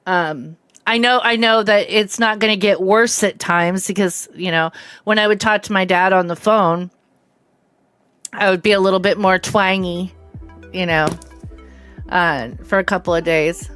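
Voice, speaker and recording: Faint music sits behind a dry recording of a fifties-aged woman with a slight Southern American accent, who is hard of hearing, hosting a game livestream. She greets viewers by name and rambles casually in a medium-pitched voice that's smooth, fairly bright, unhurried and fairly even in intonation.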